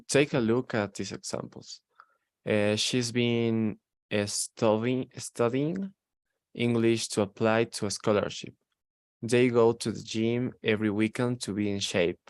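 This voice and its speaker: A man's voice: on the low side, clear, resonant tone, no echo. A man learning English in an online lesson, hesitant and searching for words with many fillers. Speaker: student.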